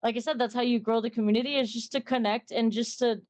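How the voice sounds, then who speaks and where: A talkative young woman speaks in a fairly high voice as an interview guest. She rambles through her points and acts out short exchanges in a brighter tone. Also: fairly even intonation, quick pace. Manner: chatty, rambling, acts out little dialogues with a lifted voice. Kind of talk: casual interview chat.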